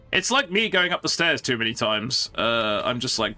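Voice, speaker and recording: Jokey excitable man streaming. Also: mid-range voice, moderate pace, soft background music. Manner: jokey and excitable, stumbling restarts. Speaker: streamer playing a strategy game. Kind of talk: casual live-stream commentary.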